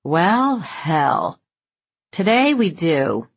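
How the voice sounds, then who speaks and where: A woman's voice: fairly low pitch, very animated, extremely slow, slightly rough, exaggerated voice. A woman voicing a drunk, brash older society woman who slurs and swears. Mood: drunk, bitter.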